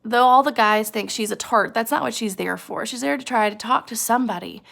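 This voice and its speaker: A woman's voice: on the high side, a little fast, vocal fry. A woman teacher retelling a novel chapter to her class, acting out the characters' quoted lines. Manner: retells scenes with animated quoted voices.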